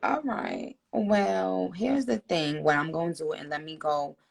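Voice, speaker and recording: A woman's voice: sits low, unhurried, vocal fry, a crowd in the background. A woman hosting a livestream, chatting in a laid-back, drawling way and asking her guest questions. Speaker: host of the livestream. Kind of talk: casual livestream chat. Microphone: phone.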